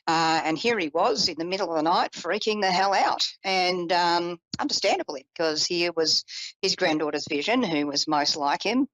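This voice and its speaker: A woman psychic telling a personal story in a chatty, animated way, with self-deprecating asides. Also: lowish voice, moderate pace, dry recording, rough recording. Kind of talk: personal storytelling on a live call-in show.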